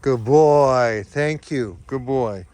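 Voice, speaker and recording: Slow-talking farmer vlogging outdoors. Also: male voice, mid-range voice, darkish tone, clean tone. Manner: slow, fond baby talk to his animals, chuckling often. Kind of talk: casual vlog narration. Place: outdoors on a farm among animals.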